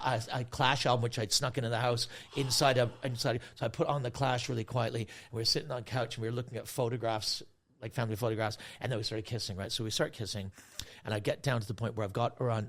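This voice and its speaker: A man in his forties, a guest comedian, telling a story in an animated way, swearing freely and acting out other people's voices. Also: mid-range voice. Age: 40s. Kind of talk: casual storytelling.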